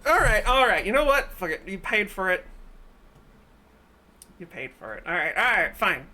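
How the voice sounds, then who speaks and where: A woman's voice: mid-range voice, lively intonation, normal speed, pauses often, sharp tone. A woman, chatting on a live stream, giggly and flustered, swearing freely. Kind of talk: casual live-stream chat.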